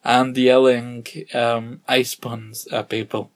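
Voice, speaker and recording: A man's voice: medium pitch, little pitch movement, slow. A man co-hosting a casual podcast, teasing his co-host with jokes and puns. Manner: teasing, joking banter with puns.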